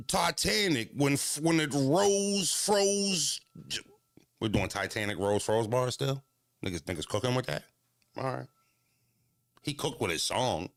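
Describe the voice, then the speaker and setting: A man who battle raps, riffing to his live-stream audience in a loose, repetitive rant. His voice sits in a middle pitch, close and dry, and it jumps between low grumbles and high, animated outbursts. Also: no room sound.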